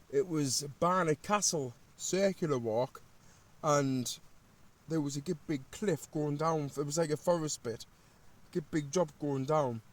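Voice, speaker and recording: Man, slightly high voice, casual storytelling, local slang, inside a small tent. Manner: chatty, animated anecdotes with local slang. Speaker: vlogger. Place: inside a small tent while wild camping.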